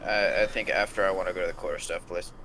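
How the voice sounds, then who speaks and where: A man's voice: low-pitched, steady tone, fast talker, a bit bright, slight background noise, low-quality recording. A man playing in a tabletop game, talking out of character in a blunt, casual way. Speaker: player.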